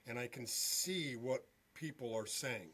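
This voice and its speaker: A male veteran and podcast guest telling a story in an animated way, often checking in with "okay?". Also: medium pitch, a little slow, husky. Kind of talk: storytelling interview.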